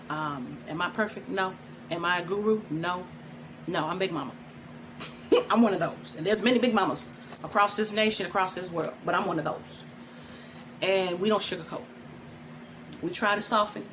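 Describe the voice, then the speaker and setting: A middle-aged woman who teaches tantra, talking frankly to her viewers and laughing often. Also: lowish voice. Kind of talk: direct-to-camera talk. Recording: noisy background.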